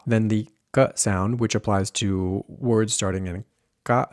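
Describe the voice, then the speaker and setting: Male pronunciation coach, low voice, dry close mic, patient demonstrating delivery. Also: fairly even intonation, a little mellow, no echo. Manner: slow, demonstrating sounds carefully. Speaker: pronunciation teacher. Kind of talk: instructional video lesson.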